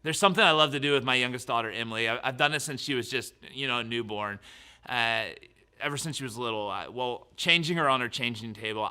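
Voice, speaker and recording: A man in his thirties preaching a sermon as pastor, lively, then dropping his voice to near whispers. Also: mid-range voice, quick pace, clean tone. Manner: animated preaching that drops to soft whispers.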